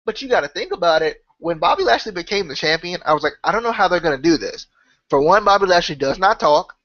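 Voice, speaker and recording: A man's voice: sits high, fairly bright tone, no room sound, dull audio. A man hosting a wrestling podcast, his voice sick, talking in a casual rambling way with lots of "right?" and "you know.". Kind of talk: casual solo opinion talk.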